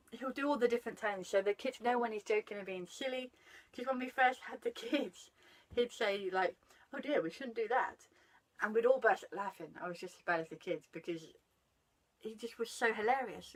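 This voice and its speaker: A woman's voice: mid-range voice, fairly bright tone, low-quality recording. A woman, chatting animatedly about parenting and breaking off to greet passers-by. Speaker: parenting guest. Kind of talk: casual chat about parenting.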